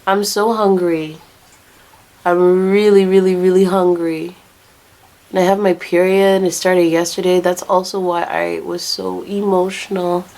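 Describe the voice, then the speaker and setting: A young adult woman chats through her makeup routine in an unhurried, drawn-out way. She is candid and loose, swears freely and pokes fun at her own slips. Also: fairly low pitch, little pitch movement, warm tone. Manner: candid, swears, laughs at herself. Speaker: vlogger. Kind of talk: casual chat while doing makeup.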